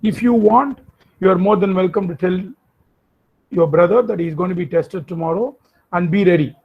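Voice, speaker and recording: A man's voice: high voice, moderate pace, breathy edge. A man voicing a king who reassures and placates his wife. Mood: placating. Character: king, indulgent henpecked husband. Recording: dull lo-fi audio.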